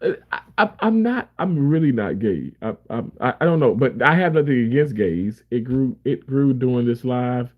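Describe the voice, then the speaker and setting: A man's voice: medium pitch, animated, normal speed, few pauses, phone-quality sound. A man chatting casually on a live stream, reading viewer comments aloud and rambling with frequent laughter. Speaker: livestreamer reading chat.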